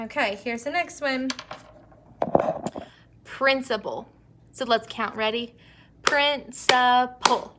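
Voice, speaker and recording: A young woman teacher leading an early-grade phonics lesson, stretching out words slowly and praising the children. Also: on the high side, fairly bright tone, a little hiss or hum. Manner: slow, drawn-out word modeling, encouraging.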